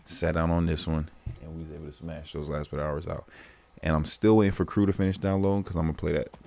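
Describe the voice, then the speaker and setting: Man, game streamer, low pitch, rough crackly voice, cursing, laughing, animated. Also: fast. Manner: profane, laughing, animated storytelling. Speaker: gaming livestreamer. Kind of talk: casual livestream commentary.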